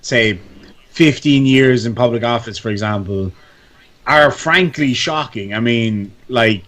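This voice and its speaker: A man's voice: mid-range voice, measured pace, a bit bright. A man in casual chat on a live stream, talking in a rambling way and often breaking off mid-sentence. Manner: rambling, self-interrupting.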